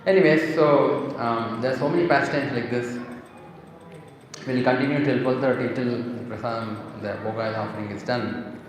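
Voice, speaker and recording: Man lecturing in an echoey temple hall. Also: medium pitch. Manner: measured, conversational, animated when retelling. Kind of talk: devotional storytelling lecture. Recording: very echoey hall with faint ambience.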